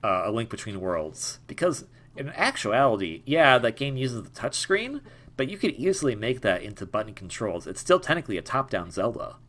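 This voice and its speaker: A young gaming YouTuber gives casual, jokey let's-play commentary, rambling and stammering over repeated words. His medium-pitched voice is sing-song and fairly bright, at a moderate pace.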